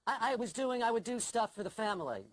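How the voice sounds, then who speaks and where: A man's voice: very high voice, expressive, quick pace, no room sound, rough recording. An older man in a casual interview, telling wry, self-deprecating, anxious stories. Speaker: interview guest, comedy writer. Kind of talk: casual conversation.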